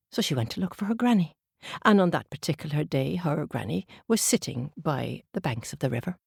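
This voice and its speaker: A woman telling a traditional tale to children in a slow, gentle way. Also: lowish voice, creaky, husky, dry recording, clean studio sound. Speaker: storyteller. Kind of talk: oral storytelling for children.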